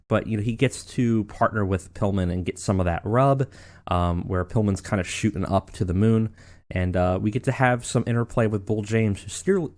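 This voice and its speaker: Man, lowish voice, casual rambling let's play commentary. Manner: rambling, with many fillers and self-corrections.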